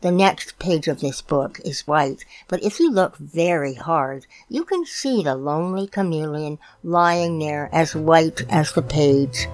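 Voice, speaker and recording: A woman reading a children's picture book aloud, gently explaining things for young listeners. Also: low-pitched. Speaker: storytime reader.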